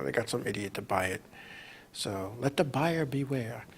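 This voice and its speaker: A man at a middle pitch tells a long racing story as host of his show. He rambles, restarts sentences and keeps his delivery animated and casual. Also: normal speed.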